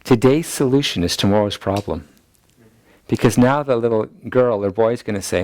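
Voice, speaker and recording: A man's voice: lowish voice, moderate pace, darkish tone, no echo. A man teaching a ministry school class, repeating key points so listeners can note them down. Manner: acts out people's anxious inner voices in quotes. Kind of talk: teaching lecture.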